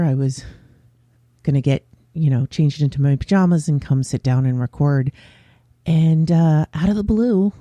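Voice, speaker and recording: A man hosting his own podcast, talking openly in a casual, unscripted way with pauses and fillers. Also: a little high, mellow, dry recording. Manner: candid and open, with frequent pauses and fillers. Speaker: podcast host. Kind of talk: casual solo podcast chat.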